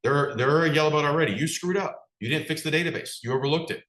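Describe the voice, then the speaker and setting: A man's voice: on the high side, quick pace, fairly bright tone, roomy sound, rough recording. A man, a business coach, giving a direct, conversational motivational talk and putting questions to his audience. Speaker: business coach for martial arts school owners.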